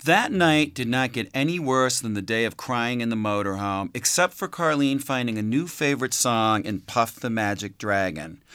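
A man reading a novel aloud in measured scripted narration, with wry asides. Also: medium pitch, fairly bright tone, smooth, no room sound, studio quality. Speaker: audiobook narrator.

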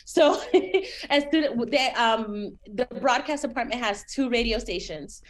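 Woman in her forties, Miami accent, higher pitch, chatty interview guest. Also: unhurried. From Miami, United States. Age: 40s. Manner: chatty and animated, with many fillers. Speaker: TV writer, guest.

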